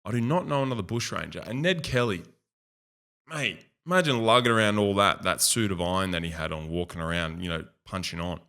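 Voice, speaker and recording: A man's voice: low-pitched, expressive, a little fast, pushed and bright. An Australian man hosting a video, giving casual, rambling commentary and often repeating himself. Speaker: video host. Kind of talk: casual commentary over a screen tour.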